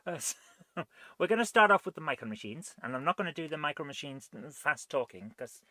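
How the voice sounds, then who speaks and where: Male host, rambling live-stream chatter, bright voice, dry close sound. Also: a little high, very animated, fast, no room sound. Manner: rambling and chatty, thinking aloud. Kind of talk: live retro gaming stream chat.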